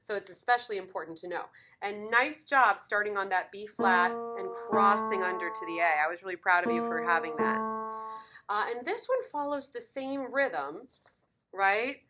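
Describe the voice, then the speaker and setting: A woman's voice: medium pitch, moderate pace. A woman teaching piano in a lesson video, encouraging and counting beats aloud.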